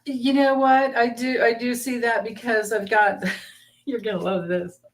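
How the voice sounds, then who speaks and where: A woman hosting a live tarot reading, talking in a rambling, halting way as she explains the cards in a casual chat. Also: on the high side, steady tone. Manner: rambling, halting, with frequent restarts and laughter. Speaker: tarot reader, channel host.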